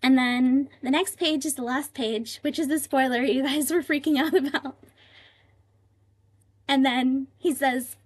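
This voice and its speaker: A woman's voice: high voice, unhurried. A woman streaming live, thinking aloud as she translates, with many fillers and emotional asides. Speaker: livestream translator. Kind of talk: casual live-stream chat.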